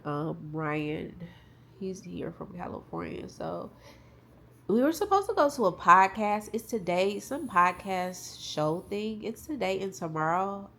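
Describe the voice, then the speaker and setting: A woman's voice: mid-range voice, fairly bright tone, a little hiss or hum. A young woman talking to her viewers at home, tearful and rambling as she talks openly about grief. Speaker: vlogger. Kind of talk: casual vlog talk to camera.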